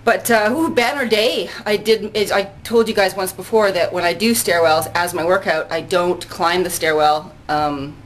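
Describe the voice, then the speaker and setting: A woman's voice: on the low side, moderate pace, few pauses, slight background noise, rough recording. An older woman chatting casually in a fitness vlog, rambling and laughing often, a bit out of breath after a workout, recorded on a handheld camera out on her balcony. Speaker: vlogger. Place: outdoor balcony.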